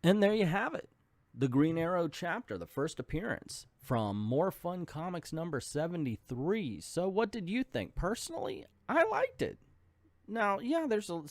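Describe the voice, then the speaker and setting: A man's voice: on the high side, a little mellow, dry recording. A man hosting a comic book video, reading a story aloud and breaking off for joking, self-mocking asides.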